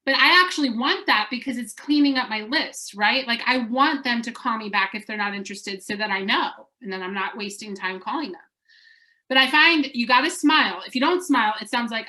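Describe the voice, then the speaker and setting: Bright, forceful woman coaching agents. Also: on the high side, brisk. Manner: upbeat, chatty, acts out sample voicemails. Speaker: real estate sales coach.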